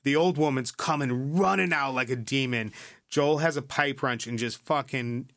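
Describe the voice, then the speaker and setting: A man's voice: mid-range voice, normal speed, fairly bright tone, dry recording. Casual man retelling, dry close sound. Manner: loose storytelling with tag questions and cursing; skips ahead with "yada, yada". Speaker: podcast host. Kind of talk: casual chat, episode recap.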